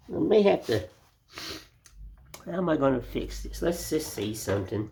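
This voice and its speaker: In his indoor wood shop, a man hosting a woodcarving channel whittles while chatting to viewers in a folksy, rambling way. His mid-range voice is expressive, creaky and darkish at a normal speed, with a little hiss or hum in the recording.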